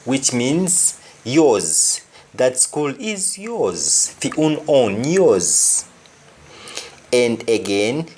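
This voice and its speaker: Jamaican man, unhurried language teacher who repeats each phrase, then explains it. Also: medium pitch, big pitch swings. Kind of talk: language lesson.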